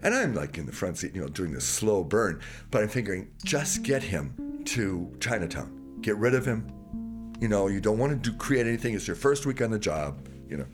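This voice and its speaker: A man from Wisconsin telling personal stories in an interview, animated and acting out other people's voices. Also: on the low side, moderate pace, music in the background. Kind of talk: candid personal storytelling.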